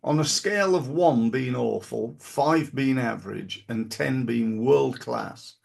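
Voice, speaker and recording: A man's voice: medium pitch, slow, creaky. A middle-aged man hosting a podcast, talking through business advice in a rambling, casual way with many fillers and restarts. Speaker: podcast host.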